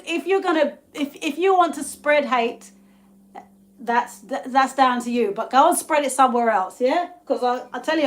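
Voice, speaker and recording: A woman from England with an English accent, hosting a live cooking stream in her kitchen, chatty and quick to laugh as she greets viewers. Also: high-pitched, a bit bright. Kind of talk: casual live-stream chat while cooking. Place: home kitchen. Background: pots and pans clattering faintly.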